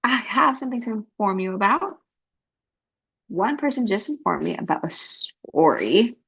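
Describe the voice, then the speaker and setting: A woman interpreting for a panelist, telling a story in an expressive, animated way. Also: medium pitch, normal speed, gravelly, husky. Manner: animated, expressive, breaks into character voices. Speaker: sign language interpreter voicing a panelist.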